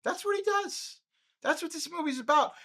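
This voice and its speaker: A man hosting a podcast, riffing through a profane, comedic movie retrospective with animated jokes. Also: very high voice, normal speed, creaky. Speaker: podcast host.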